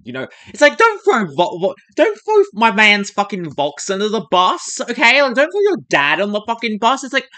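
Bright, sharp man, profane reaction host, exasperated rants. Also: sits high, huge pitch swings, normal speed, hardly any pauses. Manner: heavy swearing, exasperated rants. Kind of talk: casual reaction commentary.

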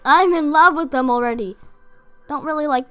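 A woman with a high, bright voice chatting through a casual reaction video. She rambles along full of fillers, gushing and getting excited as she goes. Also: moderate pace, faint music behind. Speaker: gaming YouTuber.

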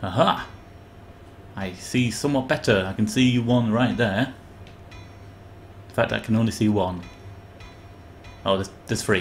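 Sarcastic young man gaming, low voice. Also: a little slow, pauses often, slight background noise. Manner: sarcastic, swearing, yelping when startled. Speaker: gamer playing live. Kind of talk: live game commentary.

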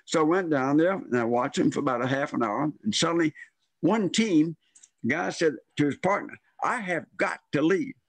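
With a slightly high, expressive voice at ordinary speed, this older guest wanders through a lengthy story from his own life, acting out each quoted character. It's casual, meandering storytelling, captured with no room sound at all.

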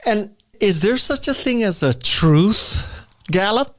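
A man's voice: high-pitched, expressive, slow, a bit bright, dry recording. A man hosting a podcast interview, asking questions in a playful, joking manner. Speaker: podcast host.

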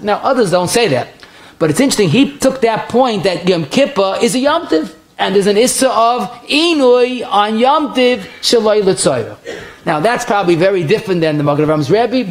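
Man giving a fast, lively Torah class. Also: high voice. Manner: quick, conversational, sprinkles Hebrew and Yiddish terms, restarts often. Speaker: rabbi giving a halacha class. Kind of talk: Torah lecture.

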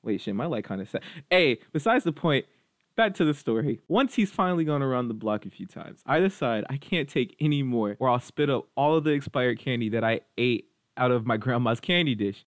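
A young man spins a funny personal story in a relaxed, slangy way, tossing in bro and dude as he goes. His delivery is animated, and he sits in an average register. The recording is dry, with almost no room sound. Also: mid-range voice, brisk, no room sound. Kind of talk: casual storytime.

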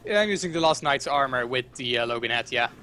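Male gaming host, teasing co-op banter, lively voice, faint noise bed. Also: mid-range voice, quick pace. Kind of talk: casual co-op gaming chat.

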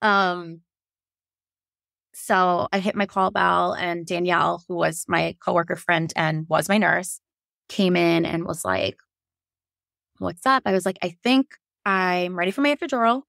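A woman in her thirties telling her own story in a casual, animated way, quoting herself and others and laughing often. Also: lowish voice, measured pace, gravelly, dry recording, studio quality. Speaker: podcast guest telling her birth story.

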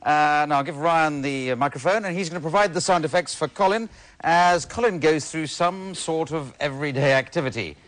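A man hosting a comedy game show, giving rules and wry asides with halting fillers. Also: a little high, a bit bright. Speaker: host. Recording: studio audience and noise behind.

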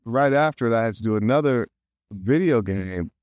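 A man guesting on an interview, telling stories in a lively way, often laughing and acting out quotes. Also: medium pitch, normal speed, no echo. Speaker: voice actor guest. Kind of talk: casual interview storytelling.

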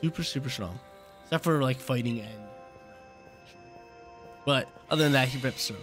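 A man's voice: mid-range voice, moderate pace, a bit bright, soft background music. A young man casually commentating his gameplay as a channel host, laid-back and slangy, often repeating himself.

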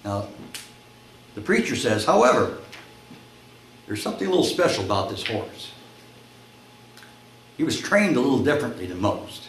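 A male pastor preaching a sermon, telling a story and acting out its voices, climbing to shouts at the high points. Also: sing-song, moderate pace, pauses often. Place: church sanctuary. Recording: echoey church room, faint noise.

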